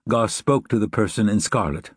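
A man narrating a novel in a measured, reflective reading. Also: lowish voice, expressive, husky, dry recording, clean studio sound. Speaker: audiobook narrator. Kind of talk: scripted narration.

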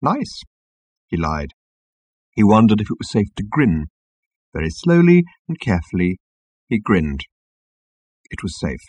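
A man narrates a story with wry humour, his pitch rising and falling freely. His voice is husky and close, with a dry, unreverberant sound. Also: big pitch swings, normal speed, long pauses, darkish tone, no echo. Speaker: audiobook narrator. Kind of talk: scripted narration.

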